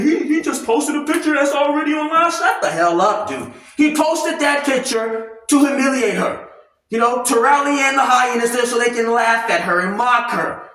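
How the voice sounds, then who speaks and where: A man with a high voice vents in a loud, heated, profane rant. He talks while working out, so his voice comes from far across a room. The room is very echoey. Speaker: commentary vlogger. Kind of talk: ranting commentary while working out. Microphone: no clip-on mic, distant from the recorder.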